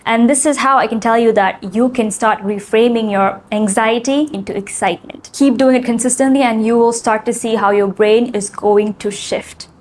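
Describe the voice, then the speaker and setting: A woman's voice: on the high side, fairly even intonation, moderate pace, hardly any pauses, darkish tone, a little hiss or hum. A woman talking to camera in a casual, earnest self-help video, often saying "like" and "right?". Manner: chatty, earnest, frequent "like" and "right?".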